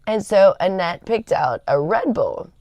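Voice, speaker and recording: A woman's voice: medium pitch, lively intonation, unhurried, dry recording, highs cut off. A woman chatting casually on a livestream, rambling with lots of fillers and laughter. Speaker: livestream host. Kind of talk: casual chat.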